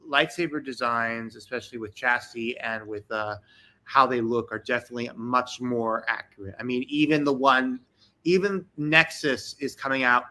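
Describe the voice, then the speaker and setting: A man's voice: medium pitch, steady tone, normal speed, bright, forceful tone. A man talking enthusiastically and at length as a guest on a livestream video call. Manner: enthusiastic, rambling. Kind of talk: casual livestream chat.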